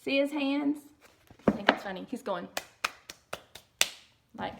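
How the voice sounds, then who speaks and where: A woman reads a picture book aloud to young children, pausing to chat about the pictures. Her voice sits a bit high, and she takes her time, with gentle amused asides. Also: creaky, heavy background noise. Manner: chatty, amused asides between read lines. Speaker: reader.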